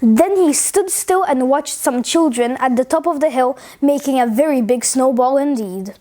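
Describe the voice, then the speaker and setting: A woman reading a funny children's story aloud in an expressive, playful way. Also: high voice, moderate pace, hardly any pauses.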